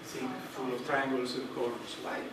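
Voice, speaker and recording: A man's voice: mid-range voice, completely flat delivery. Man lecturing in an echoey hall. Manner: halting, searching for words, many fillers. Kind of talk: public lecture. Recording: echoey hall, distant, noisy.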